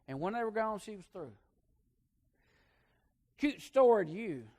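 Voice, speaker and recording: Preacher man telling a down-home story, kinda high voice, goes quiet then loud. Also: big pitch swings, unhurried, pauses often. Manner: folksy, swings between hushed and loud emphasis. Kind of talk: sermon storytelling.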